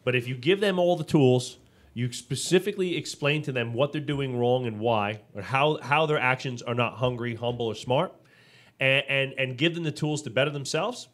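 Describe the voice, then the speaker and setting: Medium in pitch and moderate in pace, this business podcast co-host keeps things casual. His storytelling is animated, with acted-out quotes, lots of fillers and sentences he keeps restarting.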